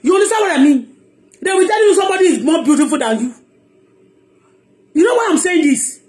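High-pitched woman, Nigerian accent, heated live blogger monologue, emphatic, repeats points. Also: big pitch swings, a little fast, darkish tone. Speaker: online blogger.

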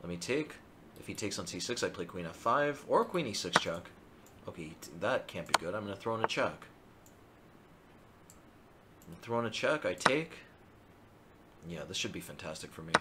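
A male chess streamer thinking aloud through his live game, excitable and self-mocking. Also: deep voice, normal speed, pauses often, very noisy.

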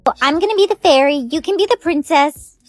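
High, dry text-to-speech woman for storytime clips, reading all the roles evenly. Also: fairly quick, no echo, soft background music. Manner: evenly paced synthetic delivery voicing every role. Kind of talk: scripted storytime narration.

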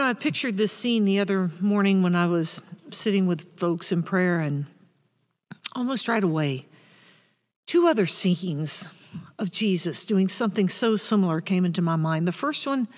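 A woman pastor preaching a sermon in a reflective, deliberate way, with bursts of rising intensity. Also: mid-range voice, animated, big-room sound.

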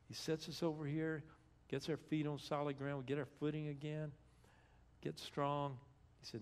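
A man preaching in a church with a gravelly, slightly high voice. He talks casually and retells scripture as if chatting with the crowd. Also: flat delivery, normal speed. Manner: conversational preaching, acts out scripture in everyday speech. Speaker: guest speaker. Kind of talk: sermon.

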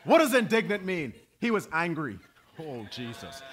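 A male pastor preaching a sermon to his congregation, swinging between loud, emphatic preaching and quiet, low asides. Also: big pitch swings, moderate pace, a little hiss or hum. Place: church.

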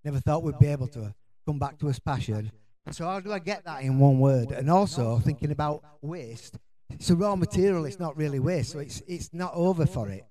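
A man's voice: a little high, lively intonation, a little fast, mellow. Man, yorkshire accent, middle-aged, conference speaker, rambling, casual delivery. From Yorkshire, England. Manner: chatty, rambling with many restarts and fillers. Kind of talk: informal conference talk.

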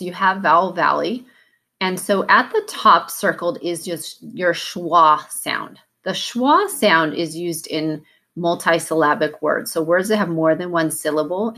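Slow, careful woman teaching phonics. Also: fairly low pitch, fairly bright tone. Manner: slow, careful, over-articulated sounds. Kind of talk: phonics lesson for children.

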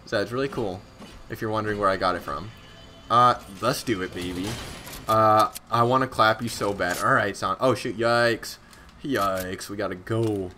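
A young man from Scotland, giving excitable, slangy live commentary on his own gameplay and chatting with viewers, breaking into sudden outbursts. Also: on the low side, moderate pace, a little hiss or hum. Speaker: game streamer.

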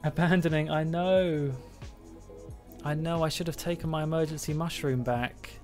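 A man's voice: on the high side, steady tone, moderate pace, darkish tone. A man live-streaming gameplay, chatting playfully, mocking himself and talking to the game creatures and his viewers. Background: game music.

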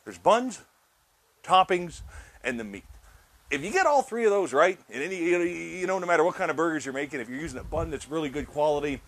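A man's voice: fairly high pitch, lively intonation, a little fast, fairly bright tone. A man hosting his own cooking show, chatting casually to viewers while he demonstrates a recipe, often repeating words as he goes. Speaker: cooking channel host.

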